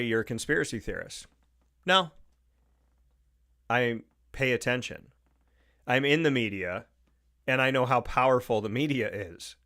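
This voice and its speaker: A male talk show host with an Upstate New York accent, holding forth in an opinionated monologue at a mid-range pitch. He is emphatic, hammers his points by repeating them, and slips into little acted-out quotes. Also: sharp tone.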